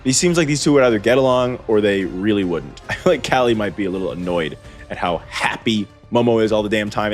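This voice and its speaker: A man's voice: fairly low pitch, lively intonation, fast, faint music behind. A man commentating on card-game matches, rambling and correcting himself with wry asides. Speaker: host and commentator. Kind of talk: gameplay commentary.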